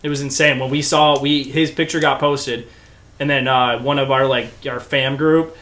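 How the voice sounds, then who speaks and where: A man's voice: medium pitch, fairly even intonation, normal speed, a bit bright. A young man, a podcast guest, telling a wild story casually, swearing freely and acting out the voices of the people in it. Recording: echoey room.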